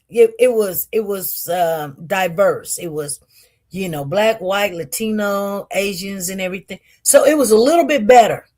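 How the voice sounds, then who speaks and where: A woman casually telling a personal story, candid and animated, with frequent restarts and acted-out quotes. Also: mid-range voice.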